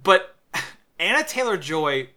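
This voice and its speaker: Podcast co-host, male, higher than most men, very bright tone, animated rant delivery in casual chat. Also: takes it slowly. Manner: animated, ranting, laughs between words.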